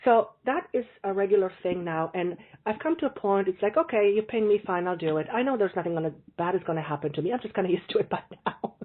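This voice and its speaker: A woman guest tells her stories in a chatty, animated way, slipping into the voices of the people she describes. Her voice is a little husky. The sound comes through a narrow, phone-like call line. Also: medium pitch, fast talker, few pauses. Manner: chatty, animated anecdotes with acted-out quotes. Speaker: psychic medium guest. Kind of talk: casual interview storytelling. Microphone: remote call line. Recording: tinny call audio.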